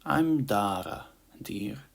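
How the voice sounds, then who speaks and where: A man's voice: on the low side, expressive, gravelly, exaggerated voice. A man voicing a flirty, teasing female ladybug fighter, drawing out her words in a seductive tone. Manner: slow, seductive, drawn-out lines.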